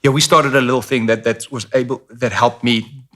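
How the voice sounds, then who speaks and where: A middle-aged South African man, appearing as an interview guest, tells stories candidly and casually, acting out other people's voices. His mid-range voice is a bit bright and brisk, with fairly even intonation.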